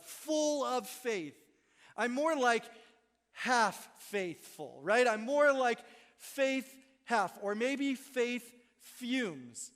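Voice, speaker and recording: A man's voice: sits high, fairly bright tone. A young man preaching a Christmas Eve sermon in a church, conversational and self-deprecating, often checking in with "right?". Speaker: pastor. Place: church sanctuary. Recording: long hall reverb.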